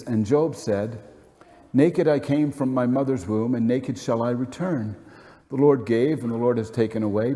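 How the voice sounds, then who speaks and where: A man's voice: medium pitch, warm tone. A man preaching a sermon as pastor, earnest and emphatic, asking rhetorical questions. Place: church sanctuary. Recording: long hall reverb.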